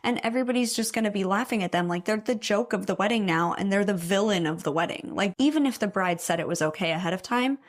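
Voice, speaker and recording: A woman's voice: medium pitch, fast talker, hardly any pauses. A young woman reading out stories and reacting to them, blunt and opinionated, swearing freely. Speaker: story reader and commentator. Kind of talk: casual reaction commentary.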